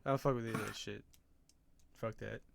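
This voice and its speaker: A man's voice: lowish voice, fairly even intonation, brisk, creaky. A young man co-hosting a podcast in casual chat, blunt and dismissive, swearing freely. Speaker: podcast co-host.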